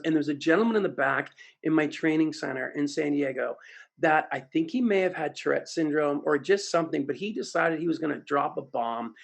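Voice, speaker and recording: A man's voice: on the high side, gravelly. A man giving a conference keynote as a sales trainer, telling stories and acting out the voices of audience members. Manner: animated, acts out voices of audience members in a story.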